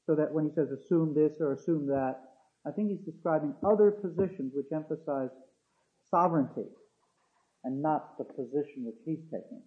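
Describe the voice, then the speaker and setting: A man's voice: a little high, normal speed. A man teaching a theology class, hesitating with fillers and restarts, then reading quoted passages aloud with emphasis. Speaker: theology lecturer. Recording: dull lo-fi classroom recording.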